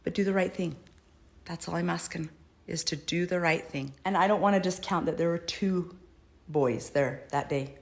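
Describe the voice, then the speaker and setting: Low-voiced earnest mother pleading. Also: moderate pace. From United States. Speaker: mother speaking out. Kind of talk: personal video address.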